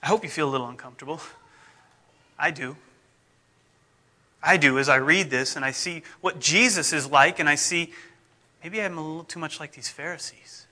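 A middle-aged man, a pastor, preaching in a conversational, self-deprecating way whose phrases often fade off softly. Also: on the high side, normal speed, pauses often. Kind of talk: sermon.

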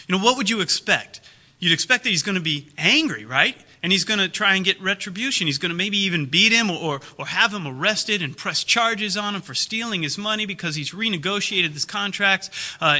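Male pastor, animated sermon storyteller, bright ringing voice, a touch high. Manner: animated storytelling, acts out characters' lines.

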